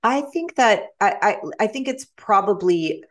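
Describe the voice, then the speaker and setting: A middle-aged woman with a general American accent, chatting as a guest author, animated and quick to laugh, often restarting her sentences. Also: mid-range voice. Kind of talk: casual interview chat.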